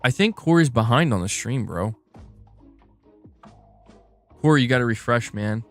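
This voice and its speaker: A man's voice: mid-range voice, lively intonation, measured pace, soft background music. A man hosting a casual live stream about video game news, chatting loosely and reacting to his chat with frequent laughs.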